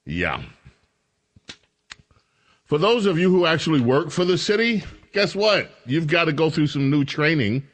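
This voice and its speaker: A man's voice: fairly high pitch, very animated, unhurried, long pauses. A man hosting a talk radio show, delivering a sarcastic, mocking monologue. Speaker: radio host.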